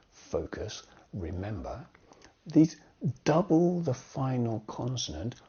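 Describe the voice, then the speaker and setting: Man, teaching grammar, gravelly voice, dull lo-fi sound. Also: lowish voice, a little mellow. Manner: slow and deliberate, checks in with "okay?" and "yeah?". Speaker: English teacher. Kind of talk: grammar lesson with acted example sentences.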